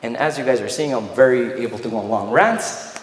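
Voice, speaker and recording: A man from Quebec, Canada in his thirties giving a motivational keynote, animated storyteller acting out dialogue on stage. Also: medium pitch, brisk. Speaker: keynote speaker. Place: large event hall on stage. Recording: echoey hall with long reverb, faint noise.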